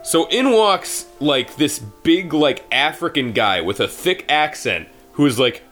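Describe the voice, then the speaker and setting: A man spins a casual, rambling anecdote, full of fillers and profanity. His voice sits somewhat high, and a faint wash of music plays behind him. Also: expressive, a little slow, fairly bright tone. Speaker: guest. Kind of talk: casual comedic storytelling.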